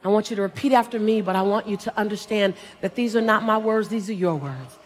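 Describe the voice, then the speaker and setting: A woman's voice: mid-range voice, fast talker. A middle-aged woman giving a live motivational speech on stage, talking emphatically in a rhythmic, repeating cadence and calling for replies from a large audience. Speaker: motivational speaker.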